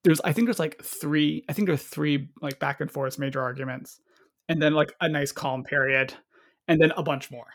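Speaking at a moderate pace in a slightly high voice, a man rambles about a movie in a casual podcast chat. As a movie reviewer, he keeps interrupting himself and performs quoted lines.

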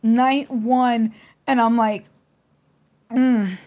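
A woman with a somewhat high voice, co-hosting a podcast. She tells stories animatedly and acts out everyone's lines herself. It is casual, chatty conversation. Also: steady tone, extremely slow, darkish tone. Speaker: podcast co-host. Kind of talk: casual chat.

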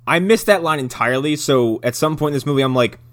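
A man co-hosting a casual podcast, making sarcastic, deadpan jokes about a film. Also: mid-range voice, quick pace, dry recording. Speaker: podcast co-host. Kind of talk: casual chat reviewing a film.

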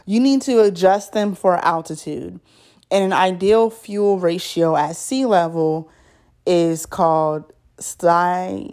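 A woman's voice: fairly low pitch, unhurried, a little mellow. A woman reading out a story on her podcast in a casual, chatty way, stumbling over words and adding her own asides.

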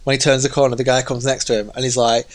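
Fast-talking man telling stories. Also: mid-range voice. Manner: rambling, animated storyteller. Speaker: podcast co-host. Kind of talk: casual chat.

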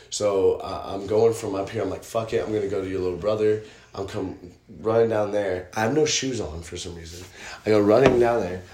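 A man hosting a podcast, telling stories in a rambling, profane, casual way that gets animated. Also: fairly low pitch, echoey room. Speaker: podcast host. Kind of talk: casual storytelling chat.

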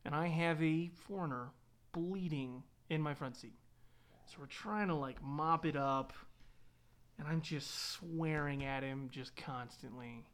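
Man, tour guide, relaxed storyteller who laughs a lot, slightly high voice. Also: unhurried. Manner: laughs often, relaxed, lots of restarts and quoted dialogue. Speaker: tour guide and van driver. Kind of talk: casual anecdote telling.

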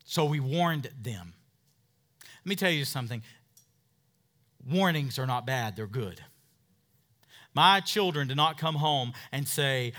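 A man in his thirties preaching a sermon as pastor, emphatic, calling out for amens from the congregation and swinging from quiet asides to loud, driving points. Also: mid-range voice, lively intonation, takes it slowly, long pauses.

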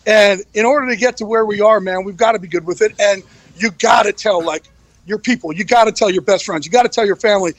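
A man's voice: high voice, fast talker, no echo, poor audio. A man speaking as a podcast guest, candid and emotional, swearing freely. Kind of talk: casual podcast interview.

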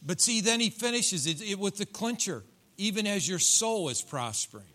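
A man's voice: sits high, expressive, moderate pace, sharp tone. A middle-aged man preaching a sermon in a church, folksy and joking, acting out voices from his congregation. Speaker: pastor. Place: church sanctuary.

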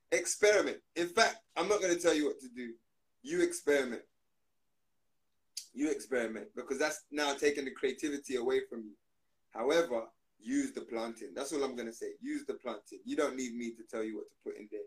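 A man's voice: fairly high pitch, low-quality recording. A man, chatting playfully as an interview guest, joking, laughing often and using lots of slang. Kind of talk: playful casual interview chat.

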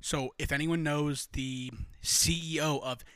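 A man's voice: on the high side, fairly even intonation, unhurried, a bit bright, smooth, no echo. A young American man hosting a podcast, rambling and joking with lots of swearing in casual chat. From United States. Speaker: podcast host.

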